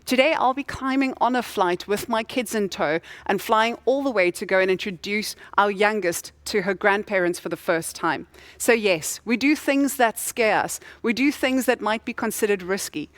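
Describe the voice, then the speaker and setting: A woman's voice: mid-range voice, no room sound. A woman in her thirties from Cape Town, hosting an awards event with a chatty, playful, storytelling delivery. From Cape Town, South Africa. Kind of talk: stage hosting speech.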